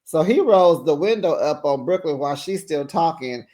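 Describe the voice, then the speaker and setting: A man's voice: on the high side, lively intonation, normal speed, warm tone. A tired man giving a casual, sassy recap of a reality show, chatting to his viewers with slangy asides.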